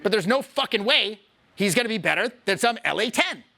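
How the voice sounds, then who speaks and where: Man doing a short hairy guy, weird squeaky high voice, overly friendly, bright and sharp, strange tone. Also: expressive, a little fast, gravelly, full character voice. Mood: chirpy. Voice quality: weird high nasal-sounding voice.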